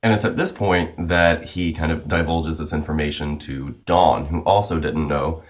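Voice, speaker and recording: A man's voice: rumbling low, steady tone, normal speed. A man giving a casual, chatty recap as a comic book reviewer, loose and full of "like" and "you know".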